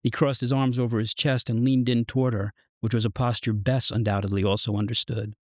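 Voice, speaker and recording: A man's voice: mid-range voice, dry recording. Man reading his own fiction, dry and close. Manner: measured, even narration. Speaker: author reading his story.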